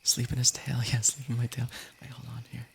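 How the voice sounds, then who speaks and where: A young man whispers through an ASMR stream in a monotone, medium-pitched voice with vocal fry, speaking fairly quickly over a faint hiss or hum. Playful and giggly, he chats and reads stories aloud, repeatedly cutting himself off.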